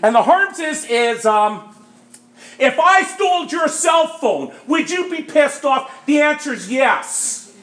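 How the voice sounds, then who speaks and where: A man with a very high, bright voice gives an emphatic testimony to a group. He keeps asking "Right?" and turns louder at points. The sound is roomy and echoey. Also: lively intonation, takes it slowly. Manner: emphatic, asks "Right?" often, bursts louder at times. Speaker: speaker sharing his recovery story.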